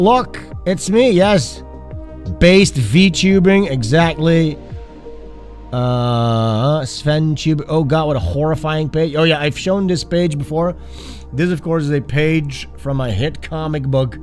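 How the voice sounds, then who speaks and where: A man's voice: mid-range voice, a little mellow. A man hosting a casual livestream while sick with the flu, his voice nasal and stuffed-up, rambling and swearing as he talks, with faint music behind him. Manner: rambling, profane, self-interrupting. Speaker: art streamer host. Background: faint background music.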